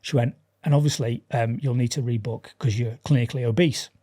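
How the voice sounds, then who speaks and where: A man's voice: medium pitch, fairly even intonation, a little fast, mellow, breathy edge. A man chatting as a podcast guest, animatedly acting out dialogue and laughing often. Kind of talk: casual chat.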